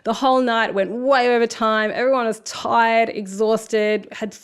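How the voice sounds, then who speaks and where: A woman's voice: on the high side, steady tone, a little slow, clear, resonant tone. A woman in her forties with an Australian accent, a podcast guest telling stories in casual conversation and swearing freely. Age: 40s. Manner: frank storytelling with frequent swearing. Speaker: podcast guest, speaker and coach.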